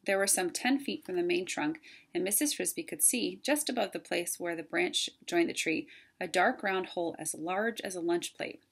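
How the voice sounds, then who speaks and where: Gravelly-voiced woman reading aloud. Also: on the low side, moderate pace. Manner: plain, steady reading with some self-corrections. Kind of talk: reading a chapter book aloud.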